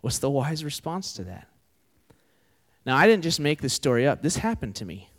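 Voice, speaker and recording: A man's voice: on the high side, very animated, normal speed. Young man preaching in a reverberant hall. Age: 20s. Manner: conversational, asks the audience questions. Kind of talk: sermon.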